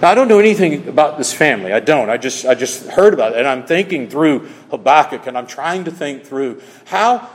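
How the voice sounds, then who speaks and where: A man preaching a sermon as pastor, telling stories that drop soft and then rise emphatic. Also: fairly high pitch. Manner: storytelling, dropping soft then rising emphatic. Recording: long hall reverb.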